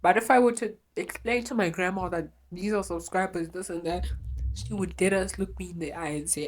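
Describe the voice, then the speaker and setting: A woman's voice: on the low side, brisk. A young woman hosting a podcast, talking bluntly and rawly and swearing freely as she trails off. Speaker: podcast host. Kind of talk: confessional podcast monologue.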